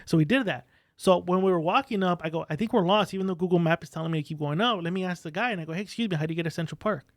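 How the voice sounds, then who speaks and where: A man's voice: high voice, racing, no echo, clean studio sound. A man telling profane stories in casual podcast chat, acting out what people said. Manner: profane storytelling, acts out quotes. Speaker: guest.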